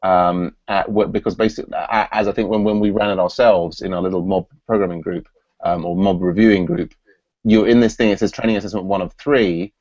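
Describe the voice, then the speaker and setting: Low-voiced man hosting a video meeting. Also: steady tone, fairly quick, a little mellow, no echo, highs cut off. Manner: thinks aloud with many restarts and fillers. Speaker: meeting host. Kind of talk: online work meeting. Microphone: video call.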